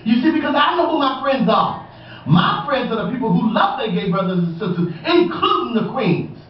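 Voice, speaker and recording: A man delivers a theatrical monologue with sass and flair, his high voice swooping all over the place. He often turns to the audience and calls them darling. The recording is muffled and very echoey, picked up by a camera far from him. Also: big pitch swings, moderate pace, slight background noise. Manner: sassy and dramatic, addresses the audience as darling. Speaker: stage performer.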